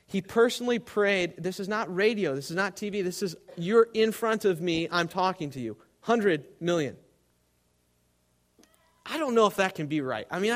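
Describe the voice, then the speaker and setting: A man preaching a sermon to a live congregation, swinging between loud emphasis and hushed, quiet tones. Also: sits high.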